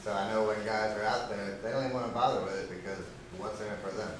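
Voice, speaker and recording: A man with a lowish voice raises a concern at a staff meeting, hesitating and padding his words with fillers. He is far from the mic in a very echoey room. Steady background noise runs under him. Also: fast.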